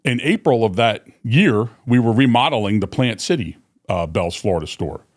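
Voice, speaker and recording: This podcast guest, a vice president at a company and in his fifties, speaks at a medium pitch and normal speed while recounting stories. He rambles, restarts, and uses many fillers, turning animated whenever he quotes others.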